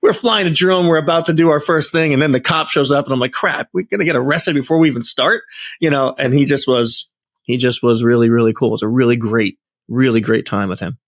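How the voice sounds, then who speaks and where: A man's voice: medium pitch, a little fast, no room sound. Guy on a podcast telling a story, acts out the quotes, dry close sound. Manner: animated, acts out quoted dialogue. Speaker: podcast host and security tester. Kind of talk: casual storytelling chat.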